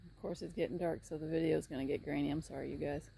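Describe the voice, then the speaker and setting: A woman's voice: steady tone, quick pace, creaky, mellow, slight background noise. Chatty woman coaxing horses outdoors. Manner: chatty, coaxes horses in a high sing-song voice. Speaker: horse rescue farm owner. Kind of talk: casual vlog narration.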